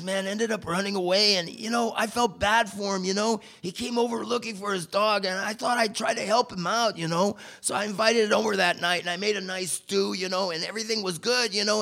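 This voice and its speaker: Guy putting on a higher-pitched rambling buddy, sheepish, all "you know man" in a story. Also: fairly even intonation, a little fast, vocal fry, few pauses, a bit bright. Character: rambling sheepish young man, offbeat friend.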